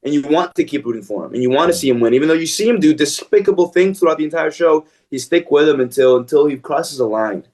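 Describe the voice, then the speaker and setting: A man being interviewed as an actor, talking casually with lots of fillers and restarts. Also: fairly high pitch. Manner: relaxed, halting with many restarts and fillers.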